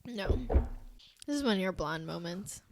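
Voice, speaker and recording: A woman's voice: on the low side, normal speed. A young woman co-hosting a podcast, chatting casually and explaining things with lots of filler words. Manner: relaxed, explaining with many fillers. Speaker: podcast co-host. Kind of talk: casual chat.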